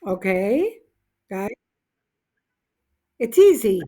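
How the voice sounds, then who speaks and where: A woman's voice: medium pitch, very animated, extremely slow, warm tone. A woman teaching an English grammar class, encouraging her students and explaining each point patiently, with glosses.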